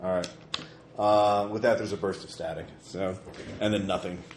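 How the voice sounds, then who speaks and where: A man's voice: low voice, fairly even intonation, moderate pace. Hesitant man running a tabletop game. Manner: hesitant, full of fillers. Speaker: game master. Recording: echoey room, faint noise.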